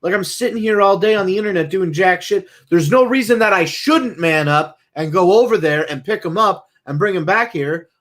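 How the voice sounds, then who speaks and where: A man's voice: high-pitched, normal speed, few pauses, a bit bright. A man streaming, talking casually in a blunt, profane, rambling way. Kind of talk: casual talk.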